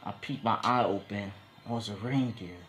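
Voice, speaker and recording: A man's voice: on the low side, moderate pace, a bit bright, soft background music. A young man casually telling an improvised story, slangy and rambling with lots of fillers.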